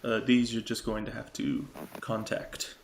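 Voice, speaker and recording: Gravelly-voiced man running the game. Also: lowish voice, level tone, unhurried, slight background noise. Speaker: game master. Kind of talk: narrating a tabletop game.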